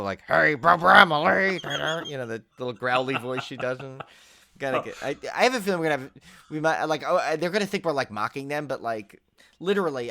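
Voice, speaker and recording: A middle-aged man talks quickly and loosely on a podcast, hopping between thoughts with lots of "like" and restarts. His voice sounds dry and close, with almost no room around it. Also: mid-range voice, no echo. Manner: rambling, animated, lots of "like" and restarts. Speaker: podcast co-host. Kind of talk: casual chat.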